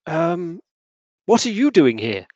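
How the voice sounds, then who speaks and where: A man voicing a mustached male professor with an explorer's build, who explains himself earnestly in halting, stammering phrases. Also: on the high side, big pitch swings, darkish tone, dry recording, pitched above the performer's own voice, heavily acted. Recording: dull lo-fi sound.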